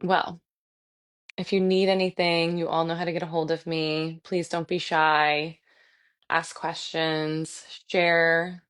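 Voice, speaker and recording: A lower-pitched woman speaking into a computer on a video call as she closes a virtual class. She is effusive and a little teary, thanking attendees warmly. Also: level tone, slow, clean tone. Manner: warm, effusive and gushing, reads chat comments aloud. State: emotional, tearing up. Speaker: fitness instructor. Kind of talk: live virtual class wrap-up.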